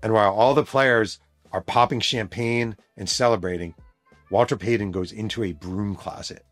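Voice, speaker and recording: Soft music plays under this man's lowish voice, captured without echo, as he speaks at a normal speed. He's a podcast host and author spinning a story casually and emphatically, full of profanity and animation.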